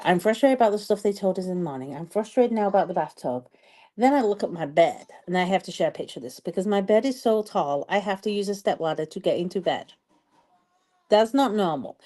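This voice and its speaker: A woman's voice: on the low side, warm tone. A woman chatting casually on a live stream while doing her makeup, telling a story in a chatty, exasperated way with lots of emphatic repetition. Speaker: social media strategist and vlogger.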